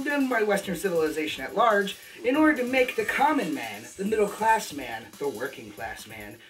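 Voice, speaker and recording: A man's voice: fairly high pitch, a bit bright. A man delivering a crude, emphatic ranting monologue as a vlogger. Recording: distant mic with faint music.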